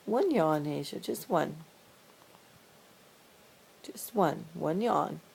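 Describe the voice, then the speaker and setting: A woman at home talking baby talk to her pet cat, coaxing it softly and often dropping to a hush. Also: sits low, expressive, drawn-out words, gravelly, slightly rough, rough recording. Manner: soft, cooing, often hushed. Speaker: cat owner.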